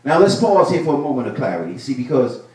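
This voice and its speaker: A male pastor preaching a sermon, building to loud bursts and repeating his phrases. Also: medium pitch, very animated, fast talker. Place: church sanctuary. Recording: echoey church room, mic at a distance.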